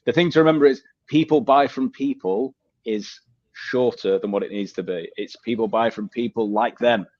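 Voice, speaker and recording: A man's voice: medium pitch, moderate pace, darkish tone, no echo. A man guest on a webinar video call, direct and matter-of-fact, with a teasing streak. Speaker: sales trainer guest. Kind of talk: casual webinar chat. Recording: dull, dry video call audio.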